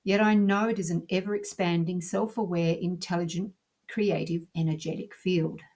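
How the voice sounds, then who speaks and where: Reading a scripted lesson, this woman teacher keeps a steady, composed delivery. Her tone is low-pitched and faintly husky.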